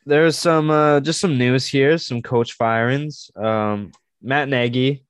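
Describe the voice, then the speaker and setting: A man talks casually as a podcast guest, with an everyday mid-range pitch. He gets excited and acts out quotes while he tells a story. His voice sounds dry and close. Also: slow pace, clean tone, no room sound. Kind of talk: casual sports chat.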